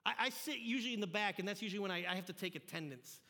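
A man giving a youth sermon, telling a story in an animated, jokey way and acting out the scenes. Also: sits high, rapid-fire, in a large hall. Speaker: youth pastor. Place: church sanctuary.

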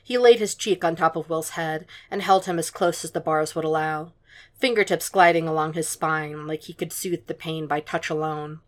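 A woman reading fan fiction aloud in a calm, measured audiobook narration. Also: low voice. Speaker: podfic reader.

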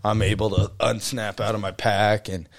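A man's voice: fairly low pitch, level tone, normal speed, no echo, studio quality. A young man co-hosting a podcast, telling a long story in a rambling, casual way with lots of "you know" and "uh". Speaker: podcast co-host.

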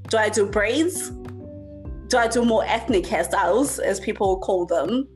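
A woman's voice: medium pitch, a little slow, a little mellow, faint music behind. A woman talking in a casual chat, earnest and reflective, with many fillers. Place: works in the UK.

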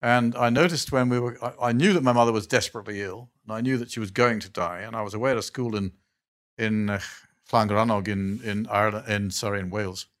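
An older man, a guest on an interview, telling long anecdotes in a lively, chuckling way and often restarting his sentences. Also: fairly low pitch, quick pace. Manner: animated, chuckling storyteller who trails off and restarts. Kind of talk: anecdotal storytelling in a casual interview.

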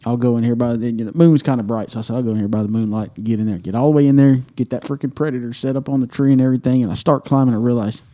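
A man's voice: mid-range voice, steady tone, very fast, hardly any pauses, dark tone. A man on a podcast, telling a hunting story casually, swearing and acting out his own reactions. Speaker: podcast co-host.

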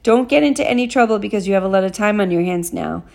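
A woman's voice: mid-range voice, fast, gravelly, darkish tone, natural voice. A woman voicing a loving, doting mother on the phone in an audiobook, tender in tone.

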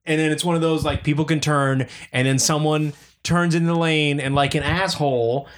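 A man co-hosting a casual chat, telling an excitable, profane story and acting out what people said. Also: a little high, normal speed. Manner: excitable, profane, acts out quotes. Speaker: podcast co-host.

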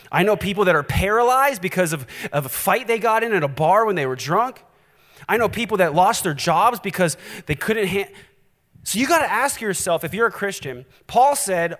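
A male pastor preaching a sermon, animated and direct, challenging his listeners. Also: high-pitched, moderate pace, in a large hall.

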